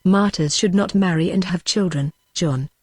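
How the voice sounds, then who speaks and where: A woman's voice: fairly low pitch, normal speed, darkish tone, dry recording, natural voice. A synthetic woman's voice reading the lines of a grieving, feverish mother who is bitter and foresees doom, with no change of voice.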